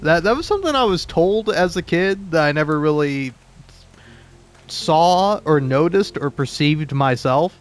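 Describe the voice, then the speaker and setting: A man's voice: fairly high pitch, expressive, unhurried. A young man in his twenties with an East Coast American accent, rambling and cursing through casual gameplay commentary full of restarts. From southeastern United States. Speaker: let's play host.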